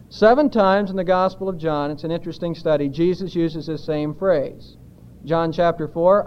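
A man's voice: on the high side, moderate pace, highs cut off. A man preaching an expository sermon as a pastor, speaking emphatically and putting rhetorical questions to the congregation.

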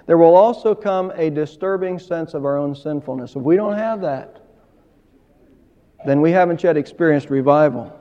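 A man preaching a sermon, his voice high and mellow, swelling emphatically and then dropping low. The sound is dull and lo-fi, with a long reverb trailing through the church hall. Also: normal speed. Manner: emphatic preaching, rising and falling in volume. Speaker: pastor.

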